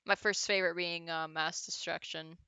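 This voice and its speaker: A woman's voice: on the low side, steady tone, normal speed, sharp tone, clear, resonant tone, dry recording. A woman streamer chatting casually while playing a game, giggly and swearing now and then.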